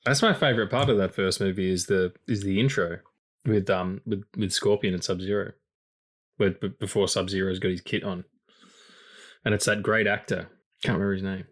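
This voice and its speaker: A man's voice: deep voice, fairly even intonation, brisk. A man co-hosting a film podcast in casual chat, rambling and profane, jumping between tangents. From not from the co-host's country. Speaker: podcast co-host.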